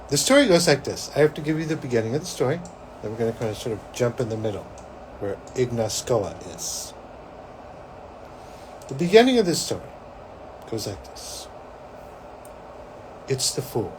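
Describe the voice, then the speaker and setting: A man's voice: mid-range voice, slight background noise, low-quality recording. A man hosting a psychic show, telling a story in a rambling, casual way, full of "like" and "you know". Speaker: psychic host.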